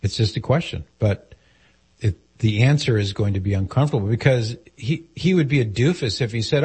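A man's voice: on the low side, fairly quick, a little mellow, husky. A man hosting a call-in advice show, speaking directly and earnestly and posing questions to the caller. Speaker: radio advice host.

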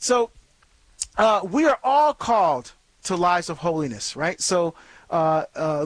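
High-pitched earnest man hosting faith radio. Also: a bit bright, no room sound. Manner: earnest, conversational, many fillers and restarts. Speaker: Catholic radio call-in host. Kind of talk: faith talk radio monologue.

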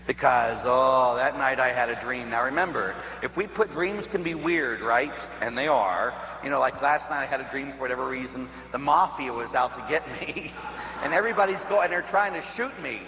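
A man from Pittsburgh, a priest, preaching a sermon as a lively storyteller who acts out voices and laughs at his own tale. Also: medium pitch, moderate pace. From Pittsburgh, USA. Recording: echoey hall with faint hum.

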